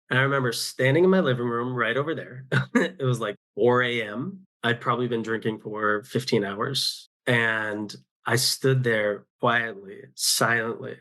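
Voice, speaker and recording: A man's voice: mid-range voice, normal speed, fairly bright tone. Man candidly recounting, restarting often. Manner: open, rambling, with many restarts and self-quotes. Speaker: podcast guest. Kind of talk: candid personal storytelling. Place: home.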